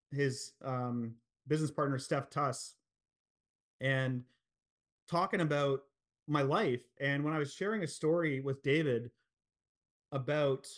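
A man in his forties, a podcast guest, telling his story in a frank, earnest way, swearing freely and using many fillers. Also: on the high side. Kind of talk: candid storytelling in a podcast interview.

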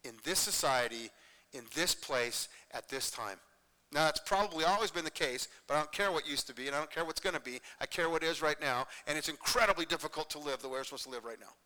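Bright, crisp and a little high in pitch, this man's voice carries a pastor's sermon, with a long church-hall reverb following each phrase. He preaches earnestly and conversationally, repeats points often, and keeps checking in with "okay?"

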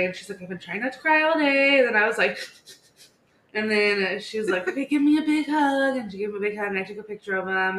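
A woman in her thirties, co-hosting a podcast in casual chat, telling stories in a chatty, animated way with many "like"s. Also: medium pitch. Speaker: podcast co-host. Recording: echoey room with faint background hiss.

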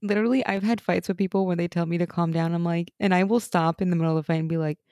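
A young woman co-hosting a casual TV recap chat, animated and laughing as she acts out lines from the show. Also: fairly low pitch, very fast, no room sound, clean studio sound. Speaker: podcast co-host.

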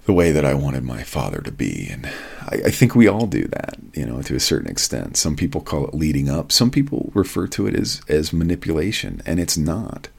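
A man's voice: extremely low pitch, big pitch swings, brisk, vocal fry, hardly any pauses, darkish tone, slightly rough. A man hosting his own podcast, talking plainly and casually with a wry, folksy manner. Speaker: podcast host. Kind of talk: casual solo podcast talk.

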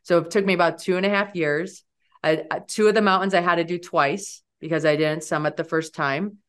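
A woman in her forties talks as a podcast guest. She tells her story casually and with energy. Her pitch jumps high when she quotes her own words. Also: brisk, clean tone. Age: 40s. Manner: animated, leaps high when quoting herself.

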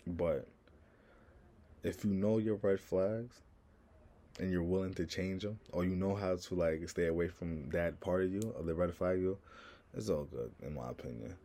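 Brash low-voiced New York man. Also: moderate pace, warm tone. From Harlem, New York. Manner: brash, profane, rambling with lots of "like". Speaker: vlogger. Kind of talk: casual monologue to viewers.

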